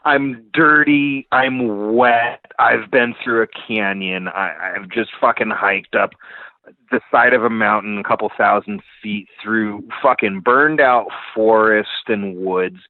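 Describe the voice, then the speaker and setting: Guy in his 40s swearing his way through a story, low voice, tinny phone sound, dry. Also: slow, no echo. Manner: profane, vivid storytelling. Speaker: guest. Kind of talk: casual storytelling.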